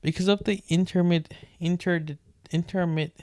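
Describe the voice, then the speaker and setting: A man's voice: high voice, fairly even intonation, moderate pace, a little mellow, dry recording, clean studio sound. A man casually reading a book aloud late at night, often stumbling over words and breaking off into joking rants.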